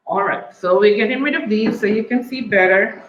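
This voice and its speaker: A woman talks as the host chef on a cooking stream, upbeat and chatty, with "all right" between each shout-out. The sound rings in an echoey room and comes across a little dull. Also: medium pitch, moderate pace. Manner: cheerful, repeats "all right" and "big up yourself". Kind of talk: casual shout-outs on a live cooking stream.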